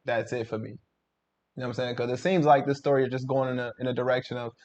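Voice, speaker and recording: A man's voice: medium pitch, level tone, quick pace, a little mellow, dull audio. A man hosting a show, chatting casually with his viewers about the story to come. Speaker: host. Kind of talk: casual commentary.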